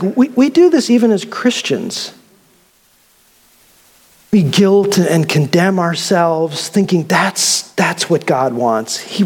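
Male pastor, high voice, lively casual sermon with humor, recorded in a reverberant hall. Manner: animated and conversational, with humor.

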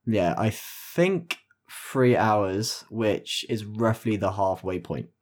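A man's voice: lowish voice, slow pace. A man co-hosting a casual gaming podcast, talking with enthusiasm and rambling through long explanations. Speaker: podcast co-host.

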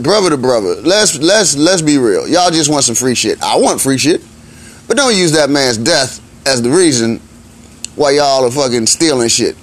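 A man holds forth in a blunt, profane comic rant, full of slang and rhetorical questions. His voice sits slightly high, and he keeps climbing into exasperated outbursts.

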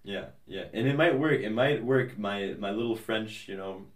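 A man's voice: lowish voice, moderate pace, reverberant, far from the mic. A young man as a podcast guest, chatting casually in a rambling, hesitant way with many fillers and restarts. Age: young adult. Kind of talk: casual interview chat.

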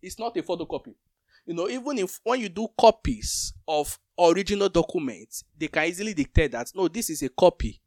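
A man's voice: sits high, lively intonation, a little fast, a little mellow, dry recording, studio quality. A man co-hosting a Bible teaching talk, explaining scripture with everyday comparisons.

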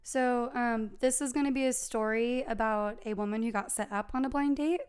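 A young woman chats her way through a true crime story on a podcast, full of fillers and asides. Her voice sits a little high and comes through smooth and clear. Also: fairly even intonation, moderate pace, darkish tone. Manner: chatty storytelling with many fillers.

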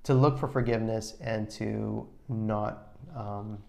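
A man's voice: fairly low pitch, steady tone, creaky, dark tone. A middle-aged man co-hosting a podcast, talking earnestly about marriage with a lot of restarts. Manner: earnest, advising, halting with restarts. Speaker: podcast co-host. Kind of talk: casual chat.

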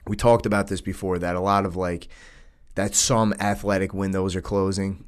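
A man's voice: low-pitched, flat delivery, moderate pace, clean tone. A man in his thirties from New York, hosting a casual chat and calling people dude and man. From New York, United States. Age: 30s. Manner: easygoing, says dude and man often. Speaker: podcast host.

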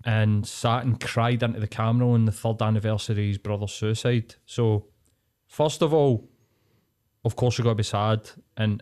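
A man holds forth on a casual podcast, swearing freely as he rants. He lets his pauses drag out between thoughts. His voice sits at an ordinary pitch for a man. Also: a little mellow. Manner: sweary, ranting, drawn-out pauses. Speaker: podcast host.

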